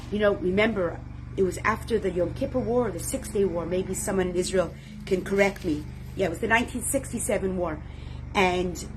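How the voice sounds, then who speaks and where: A woman teaching a religious class with deep feeling, who swings from loud exclamations to hushed tones and speaks directly to her listeners as her friends. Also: a little hiss or hum. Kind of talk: impassioned religious class talk.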